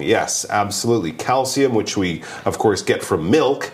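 A man's voice: lowish voice, animated, normal speed, few pauses. A man co-hosting an English lesson, explaining vocabulary in a chatty way with joking asides. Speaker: co-host English teacher.

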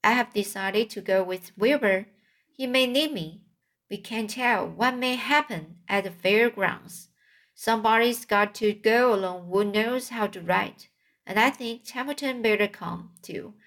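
Charlotte, a woman doing a soft-spoken spider. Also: medium pitch, measured pace. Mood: gentle. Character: wise gentle female spider, calm and caring.

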